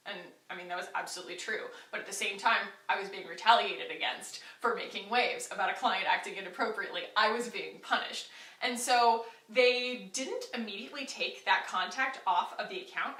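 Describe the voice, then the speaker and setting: A young woman vlogger telling a candid workplace story, chatty and animated with lots of fillers. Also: mid-range voice. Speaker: beauty vlogger. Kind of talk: story time vlog. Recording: echoey room, voice a bit far from mic.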